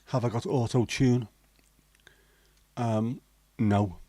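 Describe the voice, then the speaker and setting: A man's voice: mid-range voice, fairly even intonation, takes it slowly, mellow, no echo. A middle-aged man hosting a casual livestream chat, reading out viewer comments and answering them bluntly, swearing freely. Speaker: livestream host.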